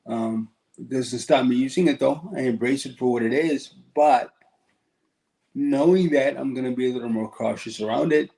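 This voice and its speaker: A man's voice: medium pitch, normal speed, creaky, warm tone, low-quality recording. A man with a New York accent co-hosting a podcast, musing in casual chat. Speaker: podcast co-host.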